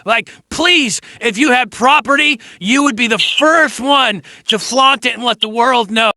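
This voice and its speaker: A man's voice: extremely high pitch, a little slow, sharp tone, no echo. A man hosting a commentary video, mocking and lecturing in a sarcastic tone with some ums. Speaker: commentary host.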